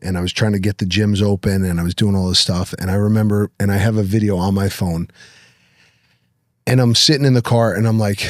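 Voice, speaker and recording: A man's voice: steady tone, brisk, dry recording, clean studio sound. A man hosting a podcast, reflective and casual, swearing freely as he talks with his guest. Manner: reflective, sinks low and quiet, swears casually. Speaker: podcast host. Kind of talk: casual interview chat.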